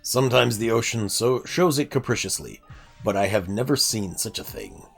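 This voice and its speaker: Brief: stern older commodore, read by a male streamer, lower and slower than his own voice, measured and grave. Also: expressive, gravelly, fairly bright tone, slightly rough, soft background music, heavily acted.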